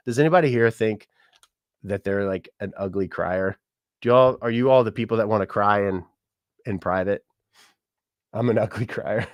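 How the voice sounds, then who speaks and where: A man's voice: medium pitch, dry recording. Upbeat male livestream host reading chat comments, mid-range voice, dry close sound, laughs easily and corrects himself on the fly. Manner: chatty and upbeat, often laughing, with quick self-corrections. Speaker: musician and mortician hosting a livestream.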